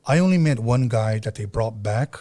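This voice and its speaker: A man's voice: medium pitch, expressive, moderate pace, mellow. A man hosting a podcast, speaking earnestly and reflectively, with frequent restarts. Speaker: podcast host. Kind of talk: casual podcast talk.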